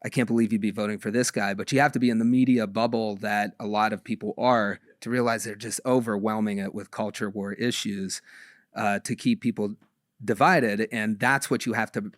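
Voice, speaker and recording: A man answering interview questions in a measured way, often pausing with ums and restarting. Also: lowish voice, fairly even intonation, dry recording, studio quality. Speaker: interview guest.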